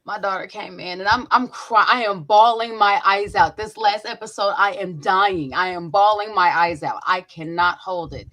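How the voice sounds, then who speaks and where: A young adult woman hosting a podcast over a video call, chatting casually with loud, profane storytelling. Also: medium pitch. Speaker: podcast host. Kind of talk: casual chat.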